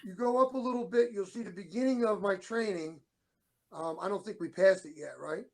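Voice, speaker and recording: A middle-aged man with a high, gravelly voice, telling long rambling stories in a casual way. He acts out the other people's lines as he goes. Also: a little fast, darkish tone. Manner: rambling anecdotes, acts out quoted dialogue. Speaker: show co-host, former wrestler. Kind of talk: casual storytelling.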